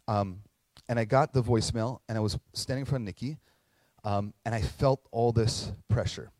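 A man's voice: on the low side, normal speed, darkish tone, dry recording. A middle-aged man preaching a sermon as pastor, earnest and conversational, telling stories and acting out quotes. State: tearing up at moments.

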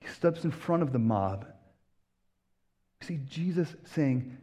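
A man's voice: medium pitch, normal speed, warm tone. A man hosting a podcast, delivering an earnest, emphatic preaching-style monologue and acting out quoted voices. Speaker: podcast host, pastor.

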